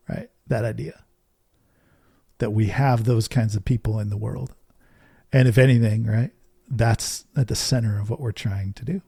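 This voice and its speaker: Man, middle-aged, podcast host, earnest storyteller, warm mellow tone, dry close sound. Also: medium pitch, normal speed, creaky, husky, no room sound. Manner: earnest, storytelling, fond of rhetorical "right?". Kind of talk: casual podcast monologue.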